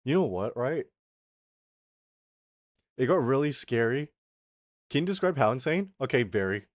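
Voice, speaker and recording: Lively, animated male streamer. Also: mid-range voice, normal speed, no echo, clean studio sound. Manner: animated, swears freely, reads chat aloud. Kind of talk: casual storytelling rant to chat.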